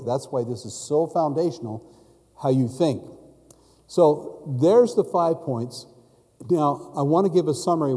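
A man's voice: medium pitch, dark tone, in a large hall. A man preaching a sermon in a storytelling way, putting questions to his listeners. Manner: storytelling, asks the congregation questions.

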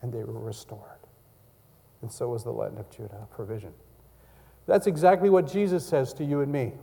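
A male pastor preaching a sermon and communion prayer, swinging from loud cries down to hushed near-whispers. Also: medium pitch, steady tone, normal speed, creaky, big-room sound.

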